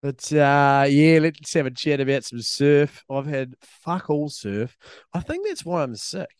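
A New Zealand man co-hosts a casual podcast chat full of crude banter and jokey asides. His voice sits a touch high and comes through smooth and crisp. The sound is close and dry. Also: very animated, measured pace, no echo. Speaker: podcast co-host. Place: resort room, in person.

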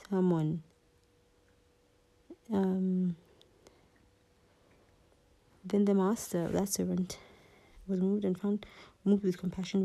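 A woman in a whispered Bible reading and teaching, halting and often losing her place and rereading verses. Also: medium pitch, gravelly, mellow, rough recording.

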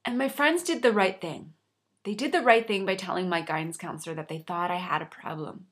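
A woman's voice: on the low side, a little fast, breathy edge. A woman coach sharing a personal story in an earnest, reflective way, with a slight frog in her throat. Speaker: life coach.

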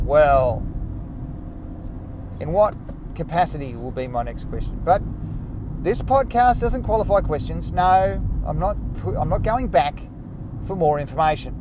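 A man's voice: a little high, expressive, measured pace, pauses often, noisy background. A man hosting his own podcast, chatting casually in a rambling, self-mocking way. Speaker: podcast host. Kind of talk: casual solo podcast monologue.

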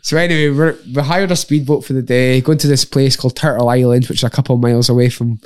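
Animated Scottish man telling stories. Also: medium pitch, quick pace, smooth, dry recording. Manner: animated, laughs often, acts out the people in his stories. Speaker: podcast guest, MMA fighter and coach. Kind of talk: casual chat, lively storytelling.

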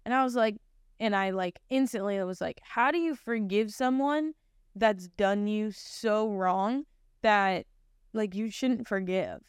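A woman's voice: medium pitch, unhurried, clean tone, no echo, studio quality. A young woman in her twenties hosting a podcast and telling a personal faith testimony in a rambling, chatty way, full of fillers and earnest feeling. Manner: rambling, filler-heavy storytelling; earnest and emotional. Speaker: podcast host. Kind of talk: personal testimony, casual chat.

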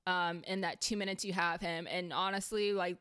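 A woman talking casually and heatedly through a reality TV recap, chatty and quick to swear when annoyed. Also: lowish voice, steady tone, a bit bright, clean tone, dry recording.

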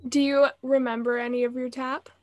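Woman interviewer, short questions, lil mm-hmms, kinda high voice. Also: little pitch movement, brisk, a little mellow. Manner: brief, encouraging prompts.

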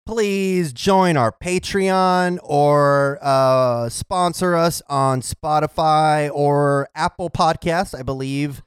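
A man's voice: on the high side, takes it slowly, few pauses, clear, resonant tone, no room sound. A man hosting a casual podcast, sarcastic and profane. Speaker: podcast host. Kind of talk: casual chat.

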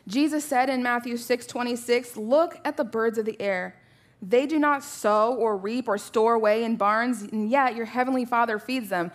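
Animated woman preaching a sermon. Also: on the high side, normal speed. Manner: conversational, animated storytelling with rhetorical questions. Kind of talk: sermon with personal stories.

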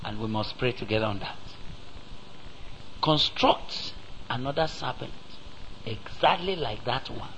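A man with a Nigerian English accent preaching a sermon, slow and emphatic, asking the congregation rhetorical questions and breaking into sudden loud rises. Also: mid-range voice, expressive, vocal fry, slight background noise, rough recording.

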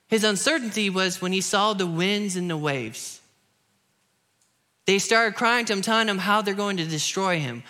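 A man's voice: high voice, sharp tone. A young man preaching a sermon, earnest and building to emphatic peaks.

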